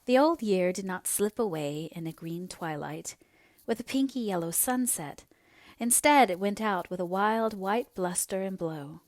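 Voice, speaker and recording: A woman narrating an audiobook in a measured, expressive reading voice. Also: medium pitch, dry recording.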